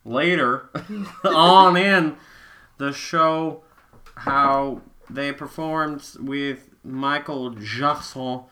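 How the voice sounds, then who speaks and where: A woman with a strikingly low, bright-edged voice reads fan fiction aloud, slow and deliberate. She is wry and playful and cracks jokes between lines. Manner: wry, playful, drops into a low mock-seductive voice for the male character. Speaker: co-host reading fan fiction. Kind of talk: comedic dramatic reading.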